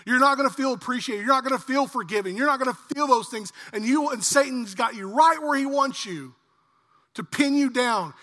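High bright-voiced male pastor preaching. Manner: earnest, swells louder on emphatic lists and slows to stress key lines. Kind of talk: sermon. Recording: long reverb of a church hall.

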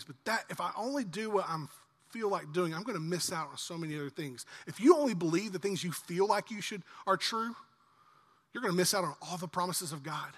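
A man in his forties, a pastor preaching a sermon in earnest, swelling louder on lists and slowing on key lines. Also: high voice. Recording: long reverb of a church hall.

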